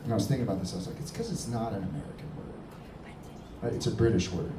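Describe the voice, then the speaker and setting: Male stand-up comic, teasing and laughing at the crowd, lively delivery, roomy live-club sound. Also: fairly low pitch, fast. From Middle Eastern heritage, Persian father. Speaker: stand-up comedian. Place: comedy club stage. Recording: echoey room, distant, noisy crowd.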